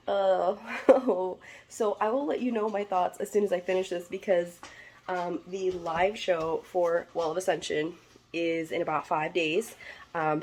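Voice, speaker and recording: A woman chatting casually in a reading vlog, excitable and gushing, crying out in dismay at times. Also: fairly low pitch, breathy edge. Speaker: book vlogger.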